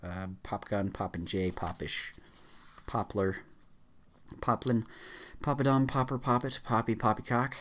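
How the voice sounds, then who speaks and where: A man reading a long list of words aloud as fast as he can, stumbling now and then with fillers and restarts. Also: on the low side, steady tone, slight background noise. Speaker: YouTuber. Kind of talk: rapid word-list reading.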